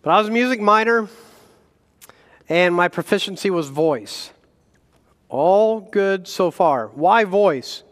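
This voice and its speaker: Guest preacher, male, slightly high-pitched, animated delivery with self-mocking humor, church hall reverb. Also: slow, pauses often. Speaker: guest pastor. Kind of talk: sermon. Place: church sanctuary.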